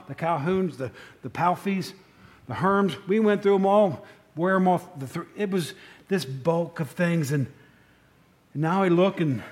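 A man preaching with a high voice, telling stories in a relaxed, conversational way. He acts out the voices of the people he quotes and pushes into urgent exhortation. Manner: conversational storytelling sermon, acting out quoted voices. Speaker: pastor. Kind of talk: sermon.

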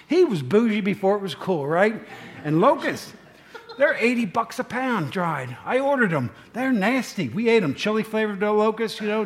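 A middle-aged man preaching a sermon as pastor, telling the story with lively asides and jokes. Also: sits high.

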